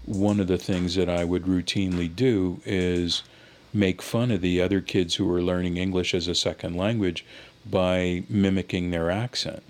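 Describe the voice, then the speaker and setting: Deep-voiced man telling a personal story. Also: a little mellow. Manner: reflective, conversational, with frequent "you know" asides. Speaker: linguist interviewee.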